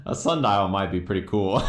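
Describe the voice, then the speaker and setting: A man live-streaming, chatting casually and profanely, riffing on chat messages and doing mocking impressions. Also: lowish voice. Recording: roomy echo.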